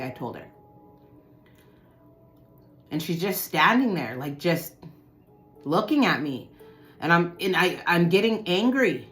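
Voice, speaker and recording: A woman telling a personal story to her viewers in casual talk, swearing often and swinging from low muttering to loud outbursts. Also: sing-song, slow pace, pauses often, soft background music.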